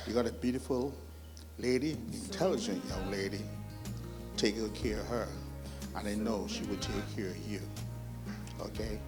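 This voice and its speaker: Earnest low-voiced uncle at a wedding. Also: male voice. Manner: earnest, measured, with filler pauses. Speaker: uncle giving a wedding toast. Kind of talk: wedding speech. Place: wedding reception with music playing.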